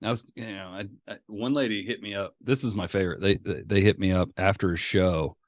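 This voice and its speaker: A man's voice: lowish voice, brisk, no room sound, studio quality. A middle-aged man, a stand-up comedian, telling stories as a guest in a casual, profane interview chat. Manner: profane, animated storyteller.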